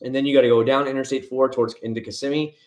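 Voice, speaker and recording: A man's voice: medium pitch, little pitch movement, rapid-fire, darkish tone. A man hosting a casual livestream from home, rambling and answering viewers' comments by name. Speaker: livestream host. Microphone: headset.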